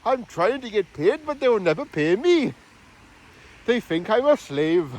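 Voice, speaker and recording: A man's voice: high-pitched, sing-song, a little slow, a little mellow. A man voicing a grumbling, unpaid male cake cook from Newcastle in a put-on Newcastle accent.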